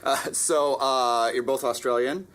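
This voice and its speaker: A man's voice: medium pitch, fairly even intonation, a little slow, fairly bright tone. A man in his forties hosting a casual interview, asking upbeat, playful questions. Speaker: interview host.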